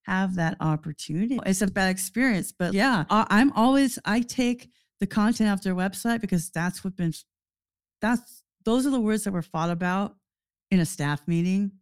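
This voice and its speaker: A woman's voice: mid-range voice, moderate pace, clean tone, no room sound, clean studio sound. Chatty woman co-host. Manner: animated, swears, acts out client quotes. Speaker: podcast co-host. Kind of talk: casual chat.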